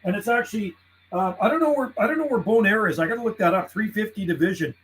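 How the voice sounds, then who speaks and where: A man live-streaming from his home radio desk, chatting casually with viewers and calling out to other radio stations in a relaxed, friendly way. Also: high voice, fast, low-quality recording. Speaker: CB radio livestreamer. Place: warm house indoors.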